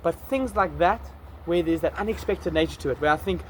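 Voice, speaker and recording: A man's voice: fairly high pitch, a little fast, a little hiss or hum. A man with a South African accent talking casually to the camera outdoors in a vlog, rambling and correcting himself as he goes. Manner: chatty, rambling, self-correcting. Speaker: vlogger. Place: outdoors in an urban area.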